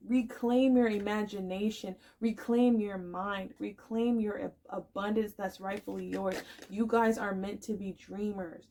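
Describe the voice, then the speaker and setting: A woman's voice: medium pitch, a little mellow. Woman tarot reader, casual and chatty, emotional and encouraging, emphatic delivery. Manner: chatty, emphatic, full of "like" and "y'all". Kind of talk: casual pick-a-card tarot reading.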